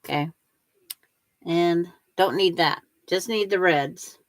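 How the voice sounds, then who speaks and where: A woman's voice: on the low side, slow pace, no room sound. An older woman hosting a quilting livestream, chatting with viewers and talking herself through each step as she sews. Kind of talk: casual chat while sewing.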